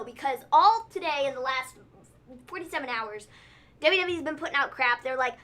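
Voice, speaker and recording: Chatty high bright woman recapping. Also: lively intonation, brisk. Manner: rambling, lots of "like" and "so". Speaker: podcast co-host. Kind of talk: casual wrestling recap chat.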